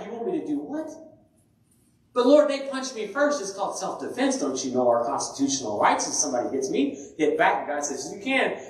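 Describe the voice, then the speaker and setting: A male pastor preaching a sermon in a church, telling stories and acting out the voices of the people in them. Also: a little high. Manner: animated storytelling, acting out voices. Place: church sanctuary. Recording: very echoey church hall from a distance.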